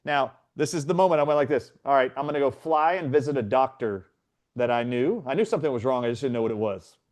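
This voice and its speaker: A man's voice: medium pitch, fast. Earnest middle-aged man telling a story. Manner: earnest, animated retelling with quoted voices. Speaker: guest. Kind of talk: storytelling in a conversation.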